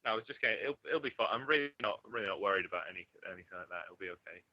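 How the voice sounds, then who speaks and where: A man's voice: on the low side, animated, rapid-fire, no room sound. Brief: twenties man from southeast England, chatty, swears a lot, dull muffled sound. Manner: chatty, swears freely, laughs often. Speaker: guest. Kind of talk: casual online chat. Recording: dull lo-fi audio.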